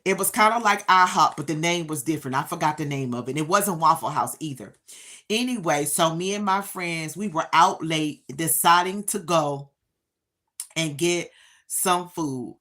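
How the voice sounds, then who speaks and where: A woman hosting a live stream, telling a casual story straight to her viewers with emphatic, drawn-out phrases. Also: lowish voice, lively intonation, bright, forceful tone.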